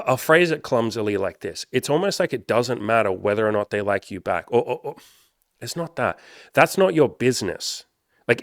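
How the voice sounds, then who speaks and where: Candid swearing man with a low voice. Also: no room sound, clean studio sound. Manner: candid, swears freely, rambling. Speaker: dating coach. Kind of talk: casual storytelling monologue.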